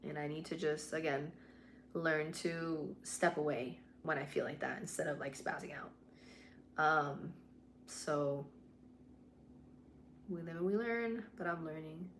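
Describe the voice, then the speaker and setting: Lowish-voiced woman chatting on a livestream. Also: measured pace, long pauses, a little hiss or hum. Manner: mixes english and spanish, swears freely, candid. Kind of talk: casual livestream chat. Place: home at night.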